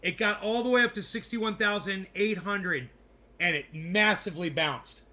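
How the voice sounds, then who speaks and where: A man with a high, bright voice doing casual live commentary for his viewers. He rambles, swears freely and talks loosely to his chat. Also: moderate pace. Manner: rambling, profane, talking to chat. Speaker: crypto livestreamer.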